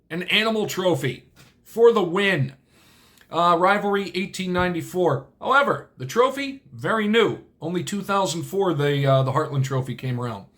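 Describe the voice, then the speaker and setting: A man's voice: a little high, a bit bright. A man hosting his own video channel, talking casually in a rambling way, often correcting himself and adding dry asides. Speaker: channel host. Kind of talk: casual solo video talk.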